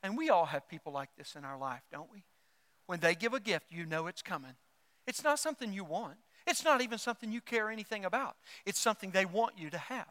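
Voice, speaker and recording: A pastor preaching a sermon, lively and joking, acting out quoted voices. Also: male voice, high-pitched, fast talker, big-room sound. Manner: animated, acts out quoted voices and jokes.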